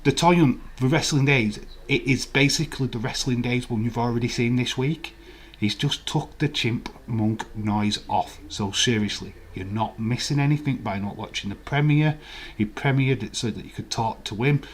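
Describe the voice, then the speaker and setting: A man's voice: medium pitch, moderate pace, slight background noise. A man hosting a live watch-along stream, rambling in casual, profane banter with his chat.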